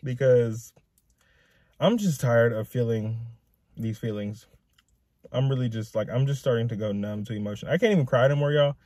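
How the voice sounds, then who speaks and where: A man's voice: mid-range voice, moderate pace, pauses often, darkish tone, dry recording. Young male vlogger, raw profane rambler, dry close sound. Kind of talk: emotional personal rant to camera.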